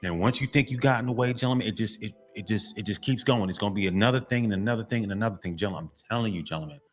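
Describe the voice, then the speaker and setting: A motivational vlogger with a lowish voice delivers a rapid-fire, preachy monologue aimed at men, over soft background music. He's emphatic and repetitive, addressing them as "gentlemen" again and again.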